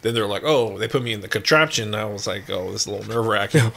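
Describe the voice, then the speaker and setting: A man's voice: on the low side, very fast, vocal fry, bright, forceful tone. A man in casual chat, telling a story animatedly, acting out what people said and swearing freely. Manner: storytelling with lots of acted-out quotes and laughs.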